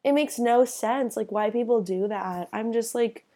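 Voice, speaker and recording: A woman's voice: a little high, unhurried, dark tone. A young woman in casual chat, incredulous and often laughing. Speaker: friend in conversation.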